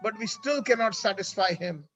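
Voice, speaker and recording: A man voicing heartbroken royal queens who speak in a soft, choked, lamenting voice. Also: high voice, animated, normal speed, husky, heavily acted. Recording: dull lo-fi with faint music.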